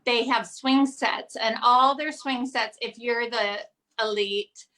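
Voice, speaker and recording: A woman's voice: a little high, fairly even intonation, takes it slowly, sharp tone. A woman from Ohio, a stand-up comedian, telling stories in a brash, profane, casual way. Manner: brash, profane storytelling with laughs. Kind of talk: casual chat.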